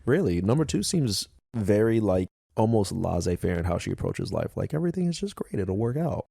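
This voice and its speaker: A deep, gravelly man banters as podcast co-host, wry and teasing. His voice is husky and dark, recorded dry and close. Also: sing-song, fairly quick, no room sound. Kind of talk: casual chat.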